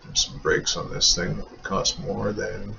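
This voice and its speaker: A man's voice: fairly low pitch, little pitch movement, unhurried, gravelly, sharp tone. A man giving rambling, wry, self-mocking commentary over a racing game. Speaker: sim racing video creator. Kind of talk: casual gameplay commentary. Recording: dull lo-fi mic with faint noise.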